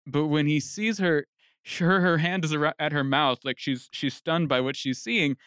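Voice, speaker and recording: A young man co-hosting a comedy podcast, pitching a movie plot in animated storytelling. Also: moderate pace, smooth, no echo, clean studio sound. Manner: animated storytelling, acts out quotes. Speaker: podcast co-host.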